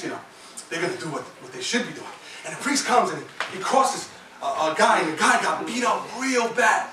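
In a church sanctuary, a man whose voice sits high preaches as pastor, spinning humorous, conversational stories that get the congregation responding. There's a little hiss or hum, and the audio is distant and echoey with music.

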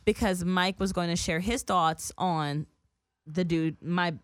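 A young woman co-hosting a casual podcast, talking quickly and teasing, with plenty of swearing. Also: fairly low pitch, steady tone, dry recording. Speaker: podcast co-host. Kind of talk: casual chat.

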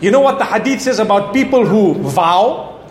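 A middle-aged man preaching a sermon in an animated way, acting out prayers and pleas. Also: high voice, normal speed, echoey room, a little hiss or hum.

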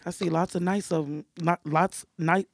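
A man's voice: a little high, fairly even intonation, normal speed, no echo. A man on a casual podcast speaking bluntly and profanely, laughing as he goes. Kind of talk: casual crude podcast banter.

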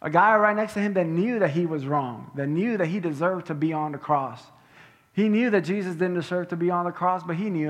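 Man, pastor, sermon, high voice, head mic, church sanctuary, long hall echo. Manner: emphatic preaching, drops to soft slow tones for quotes. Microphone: head-worn microphone.

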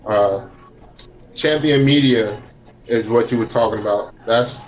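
A male guest speaking earnestly in a casual chat. He tends to ramble and pokes fun at himself. His voice sits at a medium pitch. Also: unhurried, poor audio. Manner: earnest, rambling, self-deprecating.

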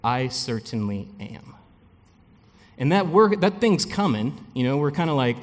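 A pastor gives a relaxed, chatty sermon with asides to the congregation. His voice sits at a middle pitch for a man. The sound carries a long reverb from a church hall. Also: unhurried. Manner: conversational, animated preaching with frequent asides and light laughs.

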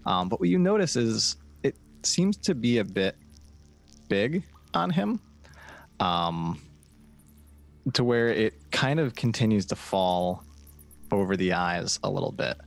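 A man's voice: on the low side, slow pace, vocal fry, pauses often, faint music behind. A man narrating a tabletop game as game master, describing scenes with many fillers. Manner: relaxed, filler-laden description.

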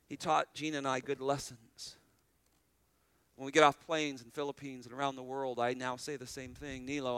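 Bright-voiced man preaching. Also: medium pitch, clean tone, no echo. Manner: animated preaching, restarts and repeats phrases, laughs between points. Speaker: pastor. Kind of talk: sermon.

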